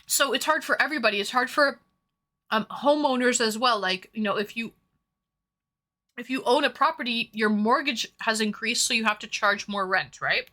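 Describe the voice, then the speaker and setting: A woman's voice: a little high, normal speed, bright, forceful tone. A woman streamer chatting casually with viewers, reading their messages aloud and swearing freely. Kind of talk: casual chat.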